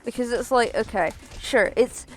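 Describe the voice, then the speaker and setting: A woman's voice: on the high side, moderate pace, faint music behind. A woman chatting casually while streaming a game, rambling and swearing in self-mocking asides. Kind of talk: casual gameplay stream chat.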